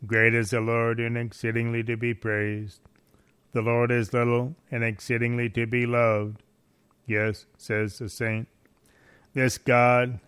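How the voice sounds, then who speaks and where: A man reading a devotional text aloud in a measured, solemn manner. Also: mid-range voice, a bit bright, smooth. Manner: measured, solemn delivery with archaic phrasing.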